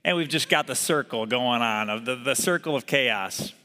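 Man, pastor, bright voice, sermon, long church reverb. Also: mid-range voice, normal speed. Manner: conversational, asks the congregation to repeat words.

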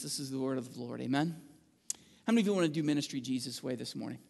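A man's voice: mid-range voice, very fast, creaky, a little mellow. A male pastor preaching a sermon and reading scripture aloud, earnest, with fillers and restarts. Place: church sanctuary. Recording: long reverb of a church hall.

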